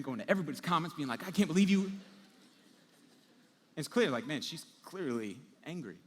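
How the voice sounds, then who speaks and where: A man preaching a sermon as pastor, telling everyday scenes with lively acted-out moments. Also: on the high side, long reverb tail. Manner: animated storytelling, acting out everyday scenes.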